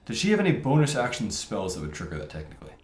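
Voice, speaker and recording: In casual let's-play commentary, a man thinks aloud and mutters over his tactics as he plays. His medium-pitched voice races along with wildly swooping pitch, recorded on a roomy mic with game music in the background.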